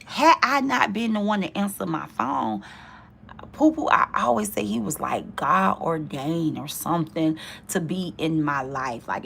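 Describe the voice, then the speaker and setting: Animated gravelly woman telling a story. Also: low-pitched, a little hiss or hum. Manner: animated, laughing, mimics voices in quotes. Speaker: host. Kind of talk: casual storytelling.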